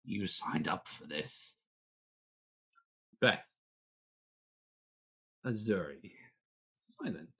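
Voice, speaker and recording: A young man with a husky voice, hosting a tabletop game podcast over a video call and joking in an exasperated way with his players. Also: on the low side, expressive, normal speed, pauses often, a bit bright. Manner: exasperated, joking, swears a lot. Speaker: game master and podcast host.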